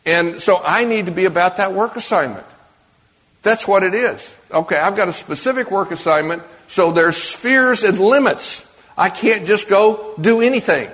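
A man's voice: high-pitched, moderate pace, a bit bright. A man giving a sermon to a congregation in a conversational way, often asking the audience questions. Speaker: preacher. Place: church or meeting hall with an audience. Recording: long reverb of a large hall.

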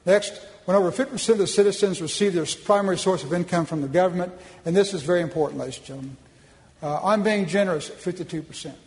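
A man's voice: sits high, fast talker, darkish tone, in a large hall, rough recording. A man from Oklahoma giving a public speech with slides at a policy conference, folksy and emphatic, often restarting his sentences.

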